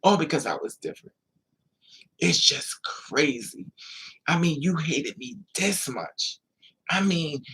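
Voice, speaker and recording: A man speaking in a confessional vlog monologue, rambling in halting restarts and repeated phrases. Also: a little high, gravelly, a bit bright, breathy edge. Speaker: vlogger.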